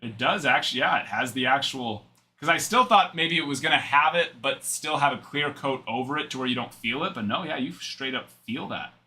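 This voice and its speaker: Young male card-break host, bright and animated, rambling chatter between card calls. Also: mid-range voice, a little fast. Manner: chatty, rambling asides while reading out cards. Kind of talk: live card-break stream chat.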